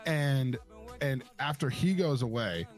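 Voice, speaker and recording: A man's voice: medium pitch, lively intonation, takes it slowly, soft background music. A young adult man streaming, telling a long story in casual chat, rambling and swearing, with many repeated fillers.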